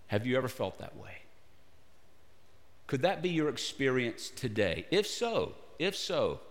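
A male pastor preaching a sermon in short phrases, pausing often and putting questions to his listeners. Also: mid-range voice, a bit bright. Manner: broken into short phrases with pauses. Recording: long reverb of a large hall.

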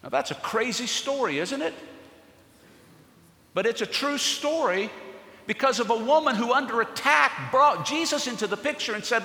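Man preaching in a church, bright forceful voice, big echoey hall. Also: very high-pitched, lively intonation, moderate pace. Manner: earnest storytelling, rising to fervent emphasis. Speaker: pastor. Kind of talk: sermon.

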